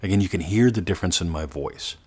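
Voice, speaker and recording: A man giving a motivational coaching talk, earnest, sometimes slowing to a soft, drawn-out demonstration voice. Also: low voice, husky. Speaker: manifestation coach.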